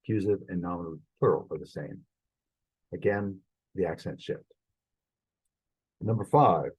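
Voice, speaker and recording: A man with a low, husky voice leads a recorded Greek class. He pauses and restarts as he works things out aloud, then slows right down to say each Greek word carefully. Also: a little mellow, low-quality recording. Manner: halting, thinking aloud while fumbling with screen sharing; spells out Greek words slowly and deliberately. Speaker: Greek instructor. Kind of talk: recorded online lesson.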